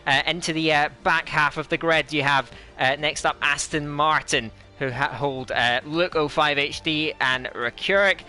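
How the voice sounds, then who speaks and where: A man commentating an online sim racing league, putting on a fake Scottish accent, chatty and energetic with many fillers. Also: a little high, normal speed, few pauses, soft background music. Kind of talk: esports race commentary.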